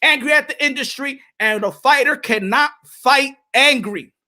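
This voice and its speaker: He's a boxing commentator on a livestream, reading chat and ranting with heat, swearing and repeating himself. The voice is very high-pitched and sharp, at a normal speed.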